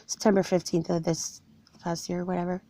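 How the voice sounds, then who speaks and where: Telling viewers her own story of being wronged, a forty-year-old vlogger somewhere cold sounds earnest and aggrieved. She speaks briskly in a fairly low, warm voice with little pitch movement, and there's no echo.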